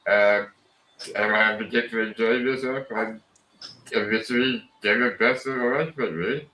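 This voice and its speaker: A man from Wales with a Welsh accent, a guest on a video call, speaking haltingly and hesitantly. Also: fairly low pitch, steady tone, pushed and bright, reverberant, a little hiss or hum, rough recording. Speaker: guest, disability rights advocate. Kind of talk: casual interview.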